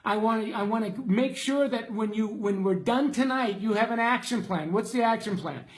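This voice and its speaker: A middle-aged man coaching salon owners in a live stream, reading out viewer comments in a casual, slangy and excitable way with loud bursts. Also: high voice, normal speed.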